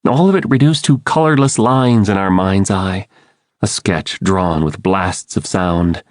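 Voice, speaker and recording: A man's voice: low voice, a little slow, no echo. A man giving urgent, dramatic first-person audiobook narration into a close studio mic.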